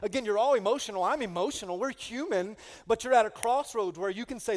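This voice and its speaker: A man's voice: sits high, quick pace, hardly any pauses. A middle-aged male pastor preaching a humorous sermon, telling stories with comic energy and calling out to the congregation. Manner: animated, comic, with rising call-outs to the congregation. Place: church sanctuary. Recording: long reverb of a large hall.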